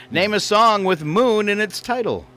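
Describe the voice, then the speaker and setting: A man's voice: high voice, animated, a little slow, a crowd in the background. A man hosting a morning radio show from a studio mic, teasing his co-host with jokey asides and frequent chuckles.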